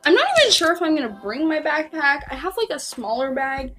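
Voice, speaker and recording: A woman's voice: high voice, lively intonation, a little fast. A young woman chatting casually in a vlog, rambling and correcting herself as she goes. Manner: rambling, chatty, self-interrupting. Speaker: vlogger. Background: music.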